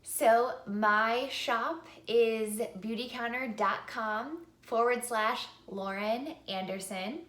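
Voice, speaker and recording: A woman's voice: fairly high pitch, slow pace, hardly any pauses, fairly bright tone, reverberant. A woman singing teacher giving an upbeat vocal lesson to camera, speaking and then singing short example phrases.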